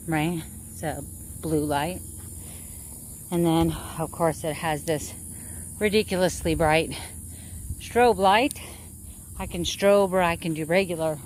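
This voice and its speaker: A middle-aged woman vlogs in a relaxed, chatty way, with a voice that sits a little low for a woman. She rambles and corrects herself mid-sentence as she talks to her viewers. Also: takes it slowly, long pauses, slight background noise. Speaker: vlogger. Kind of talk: casual chat.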